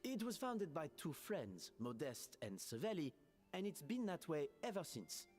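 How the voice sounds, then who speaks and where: An actor playing a polite, formal hotel manager with a put-on French accent who reads each word separately. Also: male voice, on the high side, very animated, measured pace, a little mellow, faint music behind. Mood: courteous.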